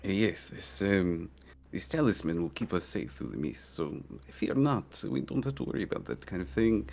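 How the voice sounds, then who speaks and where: A man voicing a calm male river boatman with a vague put-on Russian-like accent, halting and full of pauses. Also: deep voice, creaky. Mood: reassuring.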